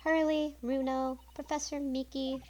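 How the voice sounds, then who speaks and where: A woman's voice: high voice, flat delivery, unhurried, mellow, voice pushed up. A woman voicing a cheerful, sweet young girl from a story game, gushing and affectionate. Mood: sweet, earnest.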